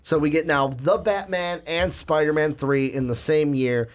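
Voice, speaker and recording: A man's voice: a little high, normal speed. Chatty young man hosting a podcast. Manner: rambling and chatty, with frequent fillers and restarts. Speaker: podcast host. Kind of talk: casual podcast chat.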